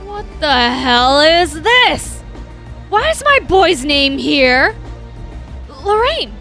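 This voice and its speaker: A woman reading a game aloud, voicing an angry male police officer who shouts his demands and stammers with rage. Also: high voice, very animated, extremely slow, faint music behind, pitched above the performer's own voice, heavily acted. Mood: furious.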